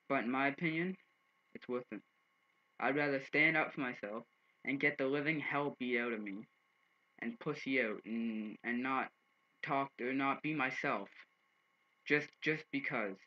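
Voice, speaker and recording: A man's voice: mid-range voice, moderate pace, highs cut off. A teenage boy telling a rambling story in a casual vlog, with lots of slang, swearing and fillers. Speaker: vlogger.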